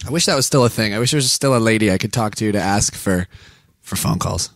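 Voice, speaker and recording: A man's voice: lowish voice, fast, no room sound, studio quality. An American man co-hosting a comedy show by phone, joking and teasing in a casual chat with lots of laughter. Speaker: podcast co-host.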